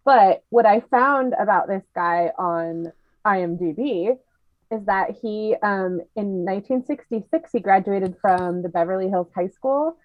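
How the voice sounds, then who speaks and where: A woman's voice: mid-range voice, a little slow, no echo. A woman co-hosts a podcast in easy, casual chat. She talks in a chatty, giggly way and quizzes her co-host. Her voice comes through a dull, lo-fi mic in a dry space.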